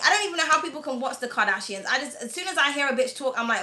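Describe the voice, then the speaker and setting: Rapid-fire and high-pitched, her sharp voice has lively intonation, with slight background noise behind it. The British woman, a bit whiny in tone, rambles through a live tarot reading with lots of "um" and "like" and regular bursts of laughter.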